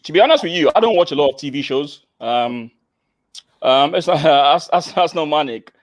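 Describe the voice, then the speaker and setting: A man with a Nigerian accent co-hosting a football chat show, animated and teasing, repeating himself as he jokes. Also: a little high, moderate pace, dry recording, highs cut off.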